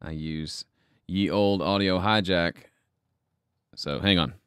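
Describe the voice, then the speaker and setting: Deep-voiced man chatting from a home studio. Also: fairly even intonation, slow, a bit bright, smooth, no echo. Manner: rambling, self-deprecating, thinks aloud while troubleshooting. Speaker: livestream host. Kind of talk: casual livestream chat.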